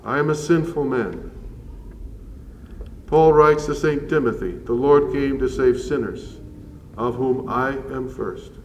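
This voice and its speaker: A man preaching a sermon as a priest, measured and earnest with slow emphatic pauses. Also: mid-range voice, darkish tone, a little hiss or hum. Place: church. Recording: roomy church echo from far off.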